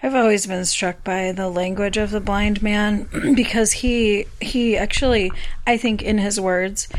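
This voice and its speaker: A woman reading scripture aloud and discussing it in a thoughtful, measured way. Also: medium pitch. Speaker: Bible study participant.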